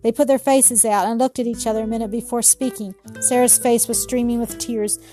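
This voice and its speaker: A woman narrating a children's story in a gentle, measured reading. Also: a little high, fairly even intonation, soft background music.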